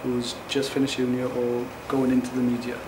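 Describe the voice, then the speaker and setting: A man's voice: medium pitch, monotone, a little fast. Hesitant young man asking questions. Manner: hesitant questions with many ums. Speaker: student interviewer. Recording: distant mic in echoey noisy room.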